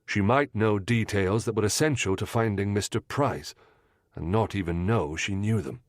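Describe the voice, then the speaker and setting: Low-voiced male audiobook narrator. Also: moderate pace, no echo, studio quality. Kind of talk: scripted first-person narration.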